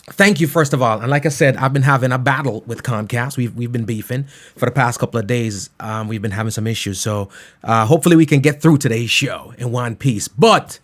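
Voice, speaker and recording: A man hosting a casual live radio show, rambling playfully and shouting out listeners by name. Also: medium pitch. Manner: repeats "you know what I mean" often.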